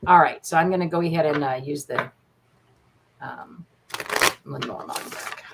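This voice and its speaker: A woman's voice: deep voice, measured pace, vocal fry, very noisy. A woman reading tarot cards as a guest on a livestream, chatty and upbeat, often tagging lines with "right?". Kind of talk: casual card reading on a livestream.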